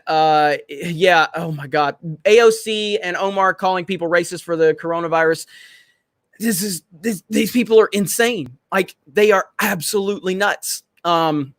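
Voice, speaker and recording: A man's voice: fairly high pitch, fairly bright tone, no echo, clean studio sound. A man hosting a casual livestream from home, reading viewer comments aloud, laughing often and swearing freely. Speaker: livestream host reading chat. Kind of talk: casual live-stream chat. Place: home in Florida.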